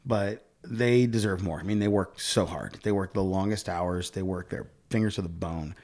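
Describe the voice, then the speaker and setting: A young adult man, an actor who is a guest on a podcast, telling animated stories in casual chat, with frequent laughs and lots of "like"s. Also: low-pitched, moderate pace. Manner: animated storyteller, laughs often, many "like"s.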